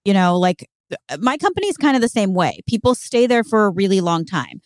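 Female podcast co-host, mid-pitched, candid and expressive, dry close sound. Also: no room sound. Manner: candid, expressive, quick reactions. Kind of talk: casual chat.

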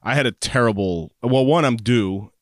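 A man's voice: medium pitch, moderate pace, no echo. A laid-back man with a mid-range voice, trading stories in a casual podcast chat. He talks loosely and laughs easily, and the recording is dry and close. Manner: relaxed, laughs easily, says "yo" and "dude". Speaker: podcast co-host.

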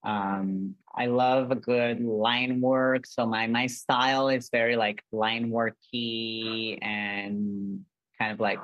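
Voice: mid-range voice, flat delivery, takes it slowly, fairly bright tone, no echo, lo-fi sound. Earnest rambling guest, dry close sound. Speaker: guest artist. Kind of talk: casual interview chat.

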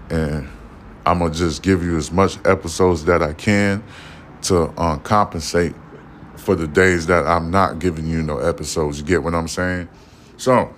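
A man with a very low voice talks alone on his podcast. His delivery is blunt, profane and preachy. He keeps checking in with his listeners as he talks, with a faint noise in the background. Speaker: podcast host. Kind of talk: casual monologue.

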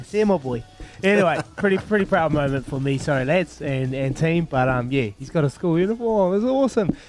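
A man in his thirties with a New Zealand accent hosts breakfast radio on a studio microphone. His voice sits a little high for a man, and he chats loosely, laughing often and dropping matey slang. Faint music runs underneath. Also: lively intonation, fairly quick, a little mellow. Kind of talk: casual radio chat.

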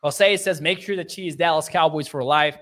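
A man's voice: on the high side, a little fast, a bit bright. A young man hosting a sports livestream, reading viewer comments aloud in an upbeat, chatty way and laughing often. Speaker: sports podcast host.

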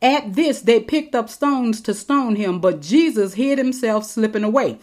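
A woman teaching the Bible in a sermon style, slowing down to stress quoted scripture. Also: a little high, expressive, darkish tone. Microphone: recorded teaching episode.

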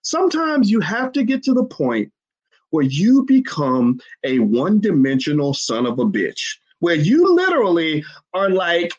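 A man's voice: high voice, wildly swooping pitch, a little slow, dull audio. A man giving emphatic livestream commentary to his chat, hammering points with repeated rhetorical questions. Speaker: finance commentator.

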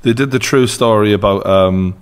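A man hosting a podcast, chatty with quick reactions. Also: fairly low pitch, smooth. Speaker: podcast host. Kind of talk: casual chat.

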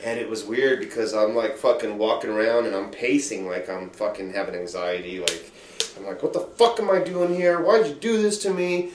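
A man hosting a podcast, telling a rambling, profane story in loose casual chat. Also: low-pitched. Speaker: podcast host. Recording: roomy room with faint noise.

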